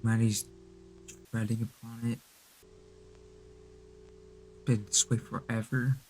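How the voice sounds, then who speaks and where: A man's voice: mid-range voice, level tone, slow, a little mellow, faint music behind, low-quality recording. A male VTuber reacting to a scary video, panicking and stammering as he mutters to himself. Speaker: VTuber streamer. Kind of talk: scared reaction commentary.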